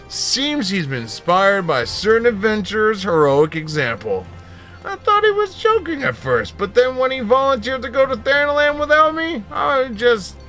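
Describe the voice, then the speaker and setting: Guy doing a friendly chatty engineer buddy, easygoing, bright and lively. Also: on the high side. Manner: easygoing, deliberate, talkative.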